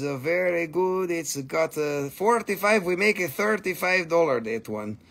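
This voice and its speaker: A man with a fairly high, gravelly, husky voice hosts a live stream selling rocks and minerals. He talks at an unhurried pace, clowning around in mock broken English as he pitches each piece. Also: a bit bright. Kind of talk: live sales stream patter.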